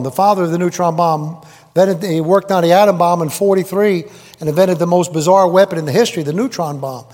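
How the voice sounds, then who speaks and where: A man's voice: high-pitched, darkish tone. A man preaching a rambling sermon to a live congregation, folksy and digressive, quizzing the crowd as he goes. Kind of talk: rambling sermon with jokes and asides. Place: large hall with live congregation. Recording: echoey hall reverb.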